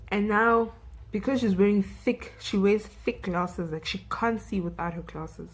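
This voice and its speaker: Slow, husky South African woman. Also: medium pitch, low-quality recording. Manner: chatty retelling, full of "like" and "you know". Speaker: vlogger. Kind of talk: casual film recap.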